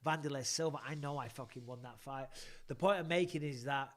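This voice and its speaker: A man's voice: mid-range voice, fairly quick. A man hosting a casual chat, a retired fighter talking bluntly and swearing freely, often restarting his sentences.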